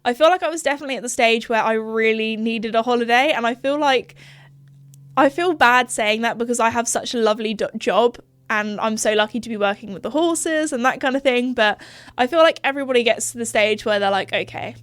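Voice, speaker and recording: A woman's voice: a little high, brisk, a bit bright, dry recording. A woman in her twenties with a posh southern English accent, hosting her podcast and chatting in a rambling way, with lots of fillers and laughs. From southern England. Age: 20s. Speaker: podcast host. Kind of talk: casual rambling chat.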